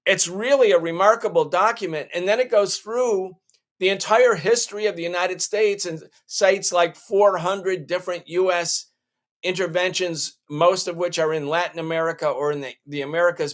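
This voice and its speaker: Man talking politics, voice pitched higher. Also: fairly bright tone. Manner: emphatic, with frequent restarts. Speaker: show host. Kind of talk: political commentary.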